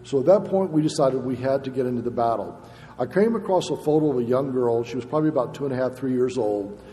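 A man's voice: medium pitch, expressive, fast, dark tone. Impassioned preaching man in a reverberant hall. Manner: impassioned, emphatic preaching with rising bursts. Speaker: pastor. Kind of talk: sermon. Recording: long reverb in a large hall, faint noise.

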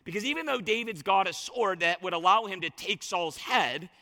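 A man's voice: high voice, lively intonation, moderate pace, pushed and bright, in a large hall. A man preaching a sermon as a pastor, fervent and colloquial, repeating lines for emphasis.

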